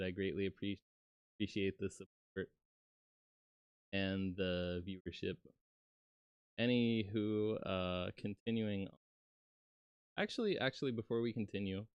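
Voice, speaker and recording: Slow, smooth-voiced man rambling on stream. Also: low-pitched, dry recording, muffled recording. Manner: rambling and self-deprecating, with many fillers. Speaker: VTuber streamer. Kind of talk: casual live-stream chat. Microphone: close desk microphone.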